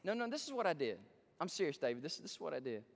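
An emphatic male pastor preaching in a large church sanctuary. His voice is high and very lively, and it swings from hushed pleading to loud excitement. A long hall reverb trails after every phrase. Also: very fast, vocal fry. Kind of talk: sermon.

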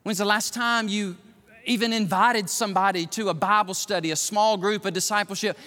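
A man preaching to his congregation, his voice pitched high and bright. He swings from loud, driving exhortation to hushed, pointed emphasis. The sound carries a long reverb off the church hall. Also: steady tone, moderate pace. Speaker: pastor. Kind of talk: sermon. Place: church sanctuary.

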